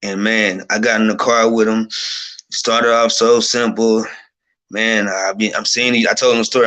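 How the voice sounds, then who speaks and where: A man's voice: lowish voice, fairly even intonation, moderate pace, pushed and bright. A man telling an emotional personal testimony as a guest, fervent and overwhelmed, often restarting his sentences.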